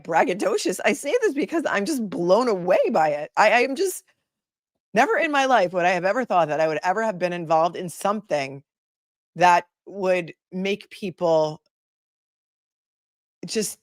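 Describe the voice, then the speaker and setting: Chatty woman host with a low voice. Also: dry recording, clean studio sound. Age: older than her peers, calls herself the old lady of the group. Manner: chatty and rambling, with many fillers and restarts. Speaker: attorney and livestream host. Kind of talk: casual livestream chat, reading viewer comments.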